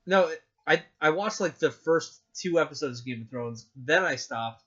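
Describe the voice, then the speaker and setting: A young man co-hosting a casual podcast chat, rambling and excitable with lots of fillers. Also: a little high, normal speed, slightly rough. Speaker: podcast co-host. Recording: dull lo-fi sound.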